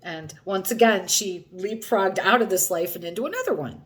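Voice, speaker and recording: A woman who runs hypnosis sessions talks through one she guided. Her voice sits at an ordinary middle pitch but moves up and down with lively expression. She explains things gently, in a relaxed, conversational way. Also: normal speed. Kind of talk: recounting a session.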